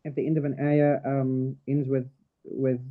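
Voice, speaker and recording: A man's voice: medium pitch, monotone, measured pace. A man teaching a Quran recitation class online, explaining patiently step by step and reciting verses as examples. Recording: tinny phone-like call audio.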